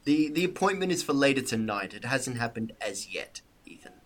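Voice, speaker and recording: A man's voice: medium pitch, very animated, normal speed, a bit bright. A man narrating as game master, hesitant and chatty with many restarts. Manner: hesitant, full of ums and restarts.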